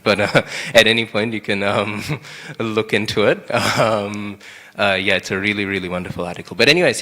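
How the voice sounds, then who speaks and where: A young man giving a relaxed scripture class, talking conversationally and tagging "right?" onto his points. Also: lowish voice. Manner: conversational, keeps asking "right?". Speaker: class speaker. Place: temple hall. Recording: hall with long reverb.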